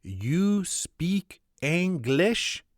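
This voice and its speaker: A man voicing a haughty French footman who speaks rapid French and halting, broken English with a French accent. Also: sits high, very animated, no room sound, clean studio sound, pitched above the performer's own voice, full character voice. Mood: curt.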